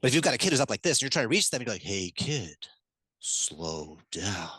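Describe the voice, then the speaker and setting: A man speaking as a podcast guest, talking fast and animated, and now and then acting out the words a parent would say to a child. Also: mid-range voice, husky, no echo, low-quality recording. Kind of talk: enthusiastic podcast interview.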